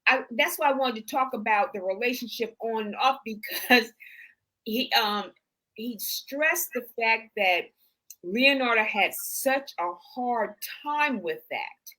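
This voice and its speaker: A woman hosting an interview, reacting and asking in an eager, animated way. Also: on the high side, unhurried. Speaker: podcast host. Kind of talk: casual interview chat.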